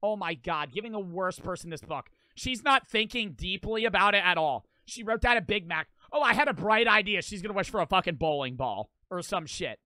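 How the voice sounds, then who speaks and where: A man's voice: sits high, animated, brisk, few pauses, sharp tone, dry recording. A young man streaming a reaction video, with profane, mocking, rambling commentary.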